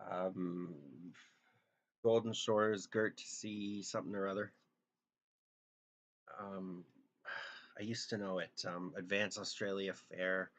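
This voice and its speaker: A man's voice: deep voice, a bit bright. A young man chatting casually on a live drawing stream, rambling and joking, trailing off into half-remembered song lines.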